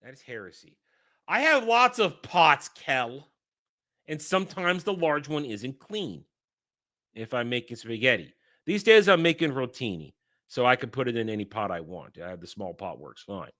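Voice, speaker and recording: A man's voice: mid-range voice, lively intonation, moderate pace, pushed and bright. A man from New York doing casual stream commentary, ranting with mock outrage and plenty of swearing. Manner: profane, mock-indignant ranting. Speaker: streamer reacting to clips.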